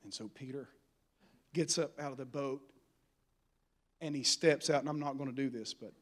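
A man's voice: medium pitch, moderate pace. A man preaching a sermon as a pastor, in a folksy, humorous style with building fervor.

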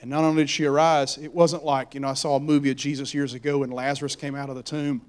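A man preaching a sermon, dramatic and emphatic, dropping to hushed whispers and then building to loud exhortation. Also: mid-range voice, level tone, fast.

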